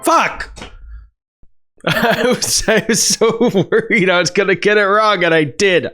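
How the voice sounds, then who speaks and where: A man vlogging casually to camera while heading to movie screenings, jokey and excitable, swearing freely and laughing mid-sentence. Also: high-pitched, measured pace, no echo, faint music behind. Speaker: movie vlogger and podcast host. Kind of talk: casual vlog talk to camera. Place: on the move between home, car and cinema.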